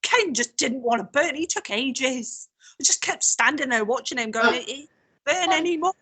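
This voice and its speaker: A woman chatting casually on a video call, telling lively stories and swearing freely. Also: sits high, normal speed, breathy edge, rough recording. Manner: animated storytelling, swears freely. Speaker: co-host.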